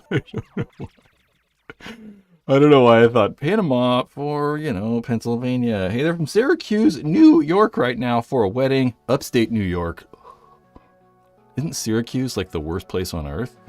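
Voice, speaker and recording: A man's voice: mid-range voice, lively intonation, a little slow, pauses often, a little mellow, dry recording, faint music behind. A man hosting a casual live stream, rambling and joking as he reads out viewers' messages, a little out of breath. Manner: rambling, jokey, reads chat aloud.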